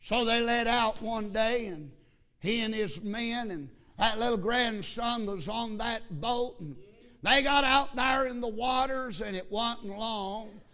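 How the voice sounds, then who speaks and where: A man preaching a sermon, telling a story that builds into loud, emphatic preaching. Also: very high voice, slow pace. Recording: lo-fi sermon recording.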